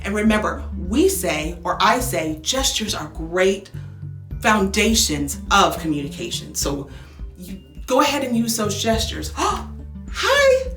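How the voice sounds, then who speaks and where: A woman's voice: mid-range voice, animated, a little slow, a bit bright, echoey room, soft background music. A woman who is a speech language pathologist, giving upbeat, coaching advice to parents and demonstrating with exaggerated tones. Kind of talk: instructional talk to parents.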